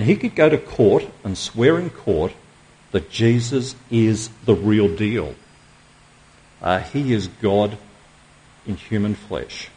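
A middle-aged man preaching a sermon as pastor, emphatic, slowing down for dramatic stress and asking rhetorical questions. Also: medium pitch, a little mellow.

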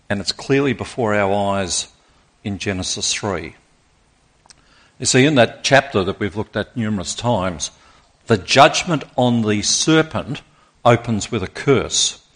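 Male pastor, lowish voice, preaching a lively sermon to a church auditorium. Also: husky. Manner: rousing, draws in congregation.

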